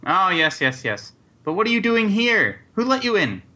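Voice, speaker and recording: A man's voice: mid-range voice, expressive, takes it slowly, pushed and bright, full character voice. A game master voicing a nervous, easily startled male bank wizard in a tabletop game. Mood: flustered. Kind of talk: tabletop role-play voice.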